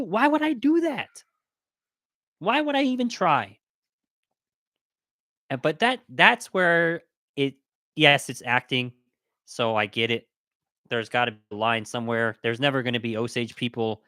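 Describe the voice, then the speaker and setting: A man co-hosting a podcast, giving his opinion in a casual, emphatic way, his voice jumping higher when he gets worked up, with many restarts and rhetorical questions. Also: fairly bright tone, dry recording, clean studio sound. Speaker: podcast co-host.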